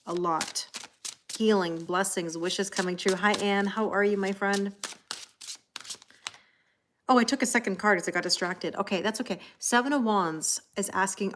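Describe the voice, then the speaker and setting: A woman's voice: medium pitch, a bit bright, a little hiss or hum. A woman in her forties, chatty and laughing often, greeting viewers by name as she reads tarot cards on a live stream. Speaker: tarot reader. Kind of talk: casual live-stream card reading.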